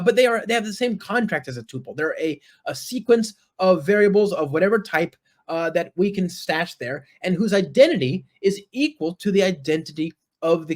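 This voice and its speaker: A man giving a live-coding tech talk at a conference, chatty and enthusiastic, often checking in with the audience. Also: on the high side. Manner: chatty, frequent tag questions. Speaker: conference speaker.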